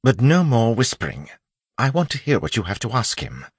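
A man's voice: medium pitch, sing-song, normal speed, vocal fry, husky, no room sound, clean studio sound, pitched above the performer's own voice, heavily acted. A man doing a blunt, demanding lawman. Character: gruff, demanding male constable chief.

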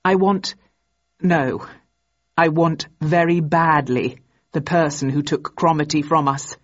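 Woman voicing a hearty old English gentleman. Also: low voice, fairly even intonation, slow pace. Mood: cordial. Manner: courteous, old-fashioned formal speech. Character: grey-haired gentleman in his seventies, hearty. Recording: dull, muffled recording.

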